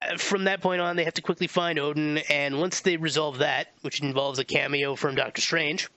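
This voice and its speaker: A man with a bright, fairly high voice talks through a movie plot in a loose, rambling podcast chat. The recording is dry and a little dull, like a lo-fi home setup. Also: fairly even intonation, fairly quick, no room sound. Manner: rambling, stumbles over names, laughs often. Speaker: podcast co-host. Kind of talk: casual movie review chat.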